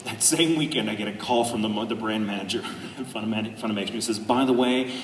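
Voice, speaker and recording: A man, a voice actor on a convention panel, telling a casual story to a live audience, animated and laughing often. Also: on the low side, quick pace. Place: large convention hall. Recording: echoey hall, distant noisy mic.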